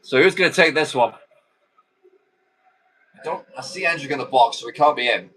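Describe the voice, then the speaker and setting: A man's voice: medium pitch, moderate pace, a bit bright, rough recording. A man hosting a watchalong, calling a football video game live with chatty, rambling asides. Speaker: host.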